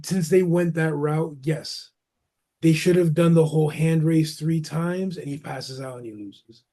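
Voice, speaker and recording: Slangy animated man, mellow voice. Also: a little high, measured pace. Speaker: podcast co-host. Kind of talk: casual wrestling talk.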